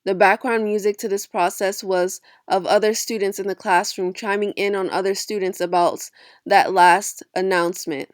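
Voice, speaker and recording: A woman's voice: mid-range voice, fairly even intonation, normal speed, no room sound. Woman reading a novel aloud, dry. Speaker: audiobook narrator. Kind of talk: scripted first-person audiobook narration.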